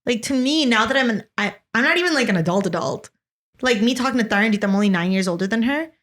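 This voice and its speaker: A young adult woman hosting a podcast in casual chat, animated and laughing often, with many fillers of "like". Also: fairly high pitch, fast. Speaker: podcast host.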